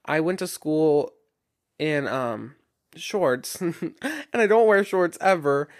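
Young male podcast host, raised pitch, chatty and rambling with constant "like"s and restarts. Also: animated, slow pace. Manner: rambling, chatty, heavy filler "like", frequent restarts. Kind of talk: casual solo podcast monologue.

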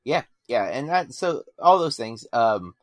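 A man's voice: medium pitch, big pitch swings, a little slow, no echo. Dry-sounding man gushing about films. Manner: enthusiastic, rambling with frequent restarts. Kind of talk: casual film review chat.

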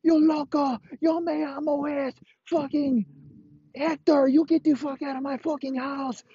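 A man voicing an angry male homeowner who yells in a strained, thick put-on accent to chase an intruder out of his house. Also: very high-pitched, flat delivery, a little slow, muffled recording, pitched above the performer's own voice. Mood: furious.

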